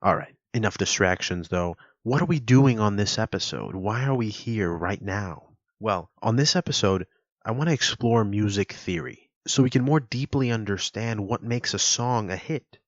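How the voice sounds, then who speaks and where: A man with a lowish voice talks through a solo podcast episode, explaining eagerly and sounding out examples. The recording is dull and lo-fi and completely dry, with no room sound. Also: animated, moderate pace, dry recording. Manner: explanatory, enthusiastic, demonstrates words aloud. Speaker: podcast host.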